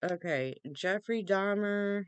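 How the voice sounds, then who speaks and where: A young woman talks off the cuff at home, drawn out and rambling, with easy laughs. Her voice is smooth and slightly low. The sound is dry and close. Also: takes it slowly, dry recording. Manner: chatty, rambling, laughs easily; baby-talks to her cat in a high voice. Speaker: vlogger. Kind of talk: off-the-cuff casual vlog.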